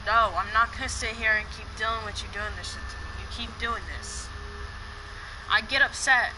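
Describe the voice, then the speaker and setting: A woman's voice: a little high, flat delivery, brisk. Upset woman with a noisy background. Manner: upset, repetitive, swearing. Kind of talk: heated personal argument on a call.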